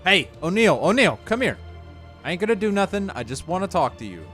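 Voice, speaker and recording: A man voicing a tough male police detective in a casual table read, leaning into a quietly menacing delivery. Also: high voice, sing-song, a little fast, faint music behind, pitched above the performer's own voice. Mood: coaxing.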